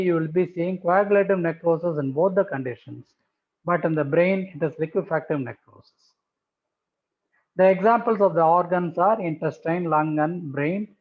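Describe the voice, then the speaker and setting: A man giving a methodical pathology lecture over slides, repeating key terms for emphasis. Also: sits high. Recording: tinny phone-like audio.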